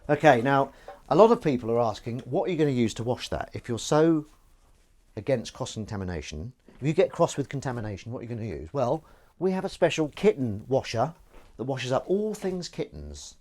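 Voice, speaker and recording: A man's voice: mid-range voice, very animated, fairly quick, darkish tone. A man, a comedian chatting casually on a live stream while washing up, rambling and self-deprecating as he reads out viewers' comments.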